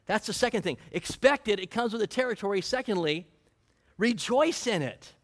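A man's voice: high voice, lively intonation, normal speed. A man preaching a sermon with earnest emphasis, quoting scripture and asking his listeners questions. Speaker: pastor.

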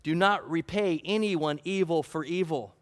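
High-voiced preaching man. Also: measured pace. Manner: earnest preaching, quoting scripture, asking the congregation questions. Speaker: pastor. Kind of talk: sermon.

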